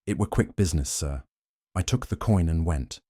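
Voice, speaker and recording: A nervous, stammering coachman who rushes his answers, as a man puts him on. The voice is low and dark, and the recording sounds dry and close. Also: lively intonation, husky, no room sound, exaggerated voice. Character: nervous stammering male coachman, lower-class.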